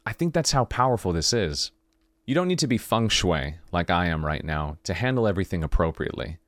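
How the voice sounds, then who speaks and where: Low and brisk, this man's voice comes through with no room sound. He's a podcast host delivering a reflective late-night monologue, animatedly acting out the conversations he recounts.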